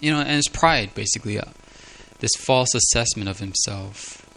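A man's voice: mid-range voice, moderate pace, gravelly, sharp tone. A man preaching a sermon in an earnest, confessional way, often repeating words as he speaks. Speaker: pastor.

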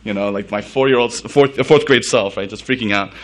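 A man's voice: fairly low pitch, brisk. A man from the United States, a pastor giving a sermon in a casual storytelling way, full of fillers and laughs.

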